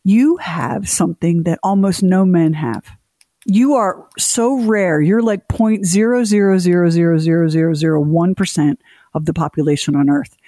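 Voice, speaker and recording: A woman's voice: on the low side, normal speed, no room sound. Chatty woman radio cohost, teasing storyteller, dry close studio sound. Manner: animated storytelling, mock voices, teasing. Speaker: radio show co-host. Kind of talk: casual radio chat.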